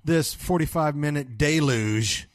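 A man's voice: a little high, a little slow, dry recording, clean studio sound. A man hosting a podcast in casual chat, playful and teasing with his guests. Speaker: podcast host.

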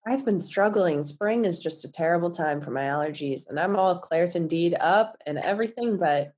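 A woman's voice: on the low side, normal speed, darkish tone. A woman guest on a remote podcast interview, talking easily and laughing lightly. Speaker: guest writer. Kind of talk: casual interview chat. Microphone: remote recording.

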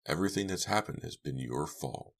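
A man voicing a menacing adult male villain who threatens with a chainsaw and talks in a low, sarcastic growl. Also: animated, brisk, gravelly, heavily acted.

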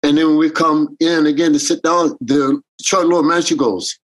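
In a relaxed interview, a Jamaican American man who leads a reggae band recounts stories with animation, imitating the voices of those he quotes. He speaks at a moderate pace in a fairly high voice, captured in low quality.

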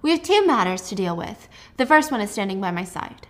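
A woman's voice: medium pitch, a little fast, natural voice. A woman voicing a cold, ruthless young commander. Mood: commanding. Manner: calm, commanding, casually cruel.

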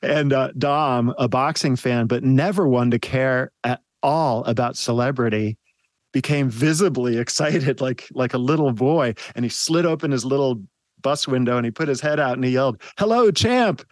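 A man hosting a podcast, telling an old tour story in a loose, conversational way. His pitch sits in the middle, and he chuckles easily. The mic is close and dry, with no room sound. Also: fairly even intonation, moderate pace, no echo. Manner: laughs often while telling stories. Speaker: podcast host. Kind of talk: casual storytelling.

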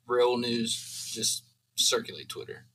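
Earnest man with a bright voice. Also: mid-range voice, fairly even intonation, takes it slowly, low-quality recording. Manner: emotional, earnest, rambling. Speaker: podcast co-host. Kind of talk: casual chat.

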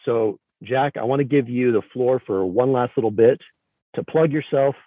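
A man's voice: medium pitch, moderate pace, no echo. A man hosting a podcast, upbeat and joking as he hands the floor to his guest and thanks the listeners. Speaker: podcast host. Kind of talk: casual podcast chat. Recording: slightly dull, faint music behind.

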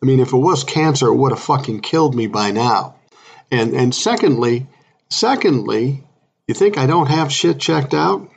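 A man's voice: mid-range voice, lively intonation, moderate pace, vocal fry, husky. A man in his sixties hosting a solo podcast, talking bluntly and irritably, swearing often. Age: 60s. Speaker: podcast host.

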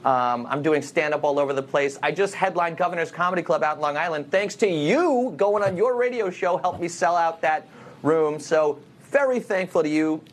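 A man's voice: a little high, normal speed. A man who does stand-up comedy, speaking as an interview guest in an upbeat, earnest and talkative way.

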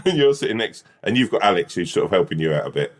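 This man's low-pitched voice is very animated and quick as he banters on a podcast. As co-host, he rambles on, piling up one goofy hypothetical after another.

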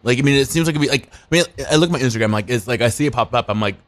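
Animated rambling man on a radio show. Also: medium pitch, racing, no echo. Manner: animated, rambling, swears for emphasis. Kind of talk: casual chat.

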